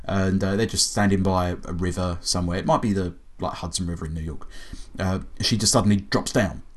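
A man, casually retelling a film's plot to a co-host, animated, laughing often and swearing freely. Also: low voice, brisk. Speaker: podcast co-host reviewing a film. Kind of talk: casual chat.

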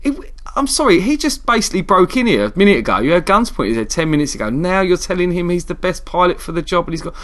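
Man, casual chat, rambling story, lively swooping pitch. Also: fast, hardly any pauses. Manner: rambling, animated storytelling with sweary asides. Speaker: co-host reviewing a film.

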